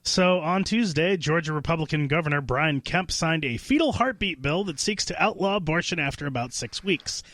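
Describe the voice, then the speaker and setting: Hesitant radio co-host, dry close mic. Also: male voice, on the high side, animated, moderate pace, few pauses, a bit bright, no room sound. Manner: hesitant, many fillers, chuckles often. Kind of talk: casual radio talk. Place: radio studio. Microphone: studio microphone.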